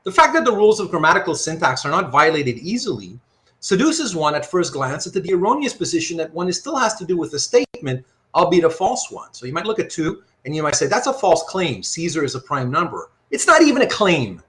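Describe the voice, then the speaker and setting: A man teaching a live online philosophy class, working through examples out loud and often checking that his students follow. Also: fairly high pitch, brisk. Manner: animated, thinks aloud with frequent rhetorical checks. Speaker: philosophy lecturer.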